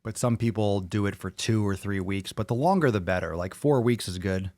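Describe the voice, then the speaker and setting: A man's voice: lowish voice, fairly quick, darkish tone, no room sound. A man hosting a podcast, reading viewer comments aloud and reacting to them bluntly, with a lot of swearing. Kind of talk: casual chat.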